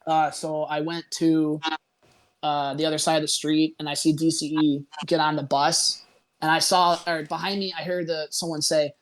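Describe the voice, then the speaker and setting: A young man from the United States tells a travel story as a podcast guest. His voice sits slightly high and he keeps it relaxed and chatty. He acts out the people he quotes. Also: normal speed.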